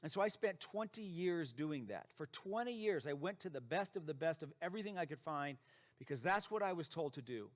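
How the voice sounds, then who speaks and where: A man's voice: fairly high pitch, lively intonation, fairly quick. A man who is a dentist and practice founder giving an emphatic motivational presentation, repeating key phrases for effect.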